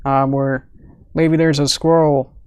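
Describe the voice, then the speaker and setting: A man's voice: on the high side, little pitch movement, takes it slowly, clean tone, no room sound. Giggly, rambling man on a stream. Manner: rambling, giggly, many fillers. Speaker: animator streaming his work. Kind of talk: casual livestream chat.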